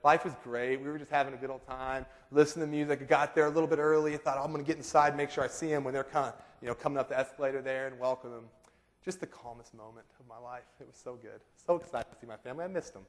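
A man in his thirties preaching a sermon, telling a lively story and acting out quotes in high voices. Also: fast. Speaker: pastor. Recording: long reverb of a large hall.

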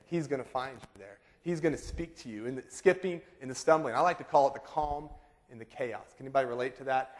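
Man preaching in an echoing hall. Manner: storytelling, animated, acts out quotes in high voices. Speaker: pastor. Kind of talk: sermon. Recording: long reverb of a large hall.

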